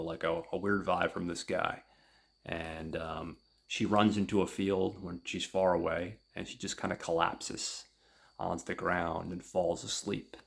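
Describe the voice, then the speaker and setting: A man hosting a podcast, recapping a comic book in a casual, halting way with many fillers. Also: low voice, vocal fry. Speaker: podcast host.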